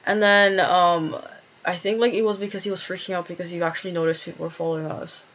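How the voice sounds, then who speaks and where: A woman's voice: fairly low pitch, fairly even intonation, fast, fairly bright tone. A woman telling a rambling, agitated personal story to camera, full of fillers and swearing. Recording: dull lo-fi recording.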